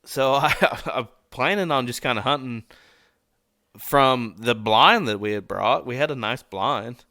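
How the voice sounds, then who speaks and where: A young adult man telling a story as a podcast guest, animated, laughing often and swearing casually. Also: mid-range voice, measured pace, no echo, clean studio sound.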